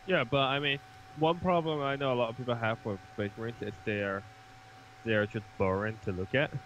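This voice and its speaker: A man's voice: medium pitch, steady tone, a little fast, fairly bright tone, a little hiss or hum. A man chatting casually while playing a game co-op, joking and swearing freely. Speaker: gamer. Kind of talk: casual co-op gaming chat. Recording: dull lo-fi mic.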